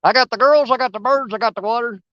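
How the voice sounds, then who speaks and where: A man's voice: very high voice, quick pace, dry recording, lo-fi sound. A man, rambling and joking in a casual fishing vlog outdoors on a riverbank, laughing often. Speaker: outdoor vlogger.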